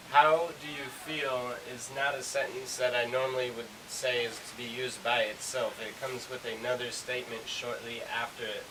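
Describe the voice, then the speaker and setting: Male teacher, halting careful explainer, average pitch, far from the mic in steady hiss. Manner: hesitant, many ums, explains step by step. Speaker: English teacher, co-host. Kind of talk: casual language lesson. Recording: hissy recording from a distance.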